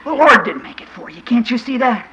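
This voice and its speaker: A fervent male preacher with a high, bright, cutting voice and a gravelly edge. His pitch leaps wildly, from hushed asides to cried-out shouts. He keeps pressing the congregation with questions. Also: expressive, fairly quick, lo-fi sound. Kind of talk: sermon.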